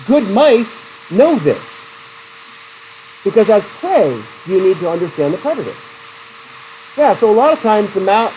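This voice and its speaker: A man's voice: sits high, a little hiss or hum, rough recording. A middle-aged man teaching a psychology class, lecturing with questions to the students and personal stories. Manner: animated, talks to students with questions and anecdotes.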